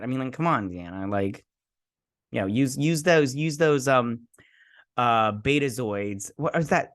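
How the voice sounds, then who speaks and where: A man's voice: medium pitch, animated, a little slow. Rambling man recapping a TV episode. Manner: rambling, loose retelling with many "like" and fillers. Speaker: host of a TV review channel. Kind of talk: casual episode recap and review.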